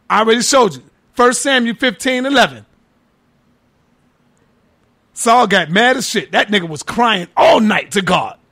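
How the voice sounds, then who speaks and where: A man giving a heated, profane preaching-style lecture, mocking his critics and often shouting for emphasis. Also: very high voice, vocal fry. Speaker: religious lecturer.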